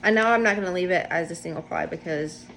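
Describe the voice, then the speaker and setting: A woman's voice: lowish voice, fast, a bit bright. Woman rambling about yarn at home on a camera mic, laughs at herself, bit of hiss. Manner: chatty, rambling, self-deprecating. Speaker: knitting podcast host. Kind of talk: casual show-and-tell chat. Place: home, indoors.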